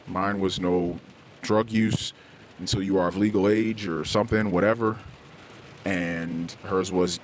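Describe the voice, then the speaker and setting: Middle-aged male podcast host, very low voice, halting confessional delivery, quiet background hum. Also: fairly even intonation. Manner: halting and candid, frequent restarts and searching for words. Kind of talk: personal confessional podcast monologue. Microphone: podcast microphone, self-recorded.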